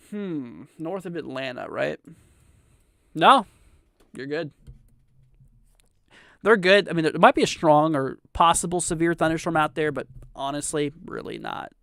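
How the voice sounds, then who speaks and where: Young male weather streamer, gravelly and lively, rambling chat with many fillers, dry close desk mic. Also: on the high side, dry recording. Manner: rambling, many fillers and restarts, reads viewer chat aloud. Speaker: weather livestream host. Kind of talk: casual live weather commentary.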